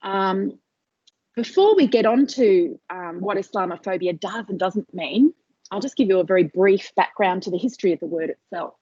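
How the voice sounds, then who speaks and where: A woman's voice: mid-range voice, normal speed, mellow, breathy edge, dry recording. A woman giving an academic seminar talk over a video call, hesitant, with many fillers and restarts. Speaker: lecturer. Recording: dull lo-fi video call audio.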